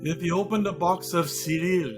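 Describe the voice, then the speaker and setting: A man's voice: high voice, over music, voice pushed up, natural voice. A man putting on a meditation guru. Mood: mock-solemn. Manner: slow rhyming mock-solemn chant. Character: mystic male meditation guru, grandiose.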